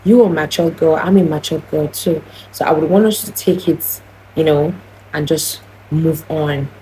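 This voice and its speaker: A woman voicing her young female friend, who speaks calmly and plainly. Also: low-pitched, normal speed, a little hiss or hum, lightly acted, low-quality recording. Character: drowsy, cool-headed young woman friend.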